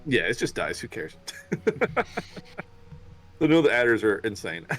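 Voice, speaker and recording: A man's voice: on the low side, very animated, a little slow. Laid-back man, casual player. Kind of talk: casual chat.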